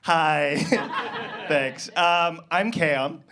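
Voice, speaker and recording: A young man doing a live stand-up set on a club stage with a handheld mic, awkward and self-deprecating with absurd deadpan jokes. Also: fairly high pitch, very slow, very noisy. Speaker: stand-up comedian. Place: comedy club stage, indoors. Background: loud walk-on music at times.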